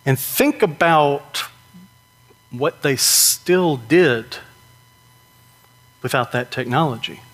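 A man preaching a sermon in a conversational way, often asking "right?" and slowing down to stress key points. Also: mid-range voice, a bit bright. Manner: conversational, with frequent rhetorical "right?".

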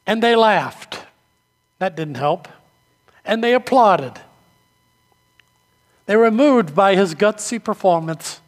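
High-voiced preacher in a reverberant hall. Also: male voice. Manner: storytelling preacher, acts out quoted voices. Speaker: pastor. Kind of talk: sermon.

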